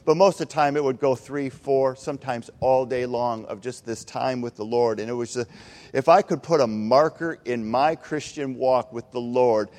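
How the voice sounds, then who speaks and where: A man's voice: mid-range voice, moderate pace, a little mellow. A middle-aged man giving an earnest, conversational testimony from the pulpit, with repeated phrases. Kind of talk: testimony sermon. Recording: reverberant hall.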